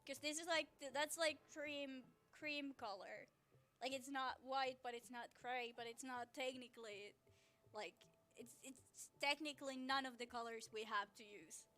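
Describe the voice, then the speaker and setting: A woman streaming from home on her setup mic, chatting casually in a gushing, excitable way, swearing and often restarting her sentences. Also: sits high, moderate pace. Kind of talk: casual live-stream chat.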